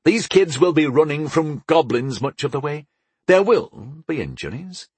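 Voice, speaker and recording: A man's voice: fairly high pitch, big pitch swings, a little slow, a little mellow, breathy edge, no echo, voice pushed up, full character voice. A man reading as a smug young enchanter. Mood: eager. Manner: playful, knowing. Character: young mischievous male enchanter, smug and clever. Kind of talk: audiobook character voice.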